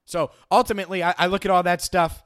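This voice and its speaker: A man's voice: high-pitched, level tone, fast, fairly bright tone, clear, resonant tone. A man hosting a sports podcast, analyzing his team and arguing with imagined critics, often repeating himself as he starts a thought. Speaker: podcast host.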